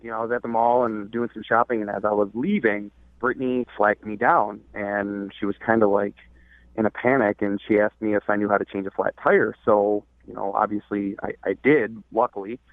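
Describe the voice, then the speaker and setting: A man phones in to a radio show and tells his story hesitantly, full of fillers and restarts. His voice is fairly low, and the phone-line recording is dry.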